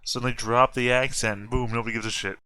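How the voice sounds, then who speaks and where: A man's voice: mid-range voice, level tone, fast talker, bright, forceful tone, clean tone, no echo. A man playing a tabletop game, curt and demanding. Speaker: player.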